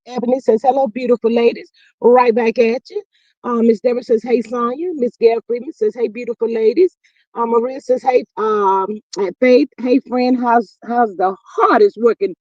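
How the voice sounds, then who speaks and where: A woman's voice: fairly high pitch, a little mellow, dry recording, dull audio. A woman hosting a casual livestream, greeting viewers by name and chatting playfully. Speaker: livestream host reading chat.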